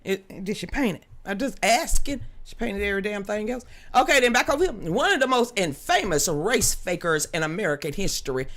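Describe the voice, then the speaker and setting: Loud, joking woman streaming live. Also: mid-range voice, expressive, a little fast, few pauses. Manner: loud, blunt and joking, laughs often, swears freely. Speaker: livestream host. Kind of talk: casual live-stream chat with viewers. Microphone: studio microphone with a level meter.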